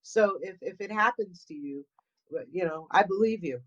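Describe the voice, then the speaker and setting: A woman's voice: on the low side, animated, normal speed. A woman with a New England accent, a guest paranormal investigator chatting casually and rambling, often repeating words and restarting. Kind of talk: casual chat. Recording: dull lo-fi audio.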